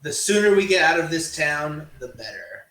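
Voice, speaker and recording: A man's voice: on the high side, sing-song, moderate pace, bright, forceful tone, echoey room, poor audio. A man playing a blunt adventurer who distrusts fake pleasant people, in a tabletop game. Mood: impatient. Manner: blunt, impatient.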